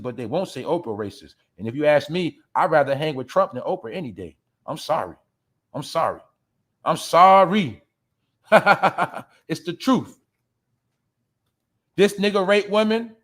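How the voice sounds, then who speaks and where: Male host with a high voice, brash and profane commentary style. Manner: profane, blunt, addresses listeners as y'all; laughs at his own jabs. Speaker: show host. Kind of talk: ranting commentary.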